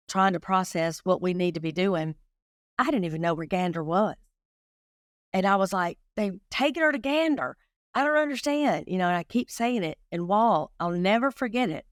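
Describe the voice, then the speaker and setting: A woman's voice: lowish voice, no room sound, studio quality. A middle-aged woman, a guest telling stories in a casual interview and speaking straight to the listeners. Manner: lively storyteller who addresses listeners directly. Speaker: guest investigator.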